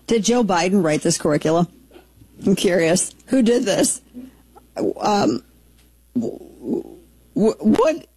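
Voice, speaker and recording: Husky woman hosting talk radio. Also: fairly low pitch, expressive, warm tone, no echo. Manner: incredulous, quick asides and restarts. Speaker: radio talk show host. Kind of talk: casual talk radio commentary. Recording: dry studio sound.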